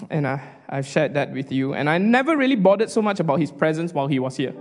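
A man preaching an emotional sermon as a pastor, earnest and halting, often restarting his sentences. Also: on the high side, darkish tone, in a large hall. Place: hall.

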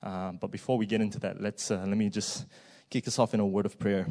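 A man's voice: fairly low pitch, flat delivery, brisk, dark tone. A man, preaching a sermon in a church in a conversational way, with frequent fillers and a tag "right?".

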